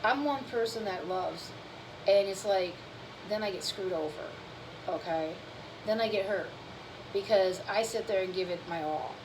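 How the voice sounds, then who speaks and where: A woman's voice: mid-range voice, a little slow, noisy background. A woman hosting her own cooking channel, chatting casually and candidly with viewers while tired and yawning. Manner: rambling, candid, talks about fitness and feelings.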